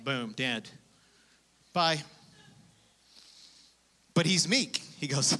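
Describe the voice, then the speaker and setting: A man preaching a sermon as pastor, animated and conversational, with laughs and acted-out prayers. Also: on the high side, drawn-out words, long pauses.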